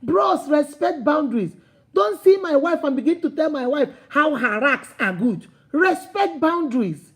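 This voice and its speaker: A woman's voice: sits high, lively intonation, a little slow. A woman with a Nigerian accent hosting a live advice stream, outspoken, scolding and humorous. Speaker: host.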